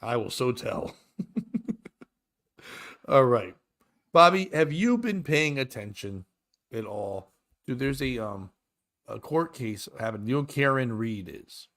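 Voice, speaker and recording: A man's voice: medium pitch, animated, slow, long pauses, a bit bright. A man in his thirties hosting a podcast, chatting loosely and joking, swearing and laughing often. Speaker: podcast host. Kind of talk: casual comedy chat.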